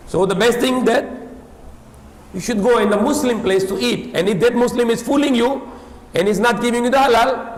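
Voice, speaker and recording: High-voiced man preaching in an echoey hall. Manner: emphatic, repeats points, non-native English with some Tagalog. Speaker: Islamic preacher. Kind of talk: sermon lecture.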